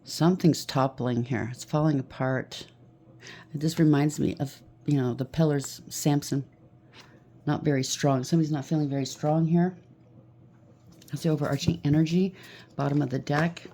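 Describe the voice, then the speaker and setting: Low gravelly woman giving a tarot reading. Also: steady tone, normal speed. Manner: soft-spoken, reassuring, with fillers and repeated "okay?". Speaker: tarot reader. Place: home. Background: washing machine running.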